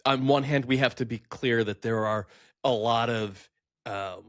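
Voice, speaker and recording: A man from the United States, a guest on a casual podcast, talking in a measured, agreeable way. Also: mid-range voice. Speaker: podcast guest, soccer writer.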